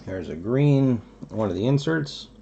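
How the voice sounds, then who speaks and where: A man's voice: mid-range voice, expressive, a little slow, vocal fry, mellow, highs cut off. A man hosting a trading card box break, chatting casually and musing aloud as he opens packs. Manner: chatty, musing asides while opening packs.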